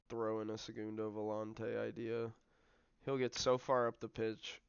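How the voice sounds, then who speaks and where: A man's voice: fairly low pitch, lively intonation, moderate pace, gravelly, clear, resonant tone, dry recording, muffled recording. A man with an American accent streaming a football management game, reacting casually and cursing at the play. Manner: frustrated, swearing, reacting live to play. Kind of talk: casual gaming livestream commentary.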